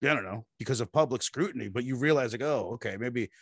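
Casting: young male podcast host, lively casual storyteller, mid-pitched, close dry mic. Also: quick pace, husky, no room sound. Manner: animated storyteller, says "bro" and "dude". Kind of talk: casual chat.

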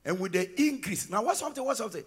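A man with a Ghanaian accent preaching a sermon in church, breaking into shouts and sing-song cadences. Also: high voice, lively intonation, very fast, husky. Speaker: pastor.

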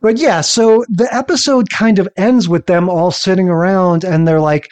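Guy cohost chatting about old sitcoms, kinda high voice, easygoing. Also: normal speed, darkish tone, smooth. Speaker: podcast co-host. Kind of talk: casual chat recapping TV episodes.

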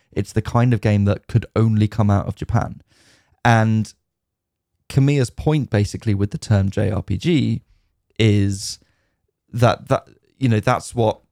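A man's voice: on the low side, vocal fry, mellow, no echo, clean studio sound. A man co-hosting a gaming podcast, talking casually and relaying news and stories with fillers. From United Kingdom. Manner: talks at length, relays news and anecdotes with fillers. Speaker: podcast co-host. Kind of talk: casual chat.

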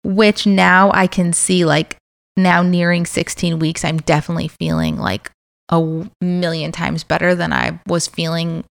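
Chatty young woman, lowish voice. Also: measured pace, vocal fry, no room sound, studio quality. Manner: chatty, filler-heavy, candid. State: pregnant. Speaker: podcast host. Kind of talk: casual chat.

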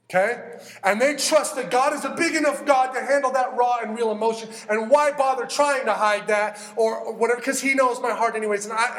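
A man preaching a sermon, animated and conversational, acting out heartfelt prayers as he teaches. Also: very high-pitched, echoey room. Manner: animated, acts out prayers in character. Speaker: pastor.

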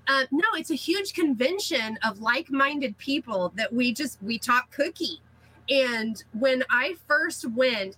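A middle-aged woman, a cookie artist, chatting as a guest and telling lively anecdotes with frequent laughs. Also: a little high, husky, dry recording, low-quality recording. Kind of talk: casual interview storytelling.

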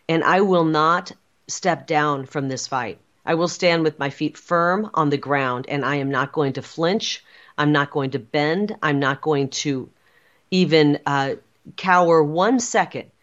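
Low-voiced, defiant woman in interview. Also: highs cut off. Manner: defiant, insistent, repetitive phrasing. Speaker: political guest. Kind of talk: emphatic interview talk.

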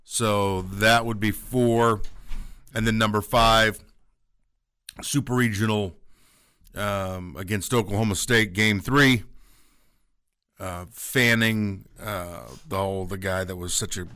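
A man, a baseball play-by-play announcer, reminiscing on a sports radio show with many fillers and pauses while he has the hiccups. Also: on the low side, steady tone, sharp tone, smooth, no echo.

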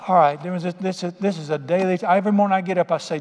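Middle-aged male preacher, folksy emphatic storyteller, slightly higher voice, reverberant hall. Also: very fast, hardly any pauses, a little mellow. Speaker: pastor. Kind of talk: sermon.

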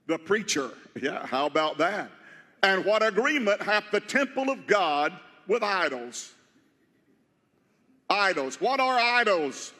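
A man's voice: high-pitched, bright, forceful tone, in a large hall. A man preaching a sermon as pastor of a church, emphatic and repeating key phrases to the congregation. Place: church sanctuary.

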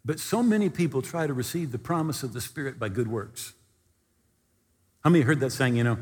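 A man preaching a storytelling sermon, animated and at times near-shouting. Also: mid-range voice, brisk, breathy edge, in a large hall.

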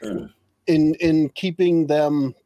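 A man's voice: fairly high pitch, fairly even intonation, slow pace, dark tone, no echo, highs cut off. A man playing a tabletop game, thinking aloud as he explains what his character does. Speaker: player.

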